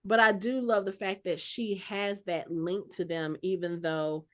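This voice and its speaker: A woman's voice: medium pitch, fairly even intonation, measured pace. A woman hosting a podcast in casual chat, rambling and laughing often as she recaps a TV episode. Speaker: podcast host.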